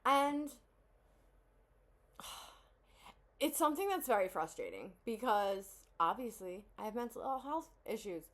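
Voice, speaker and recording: A woman hosts a casual song reaction video, oversharing with blunt, profane candor, frequent sighs and laughs. Her voice sits on the high side and is a bit bright, with big pitch swings, a measured pace and long pauses.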